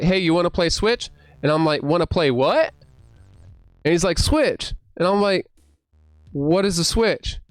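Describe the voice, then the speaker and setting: A man casually rambling through a story about game consoles, full of fillers and restarts, jumping into loud high bursts when he acts out his old amazement. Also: clean tone, no echo. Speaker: gaming vlogger.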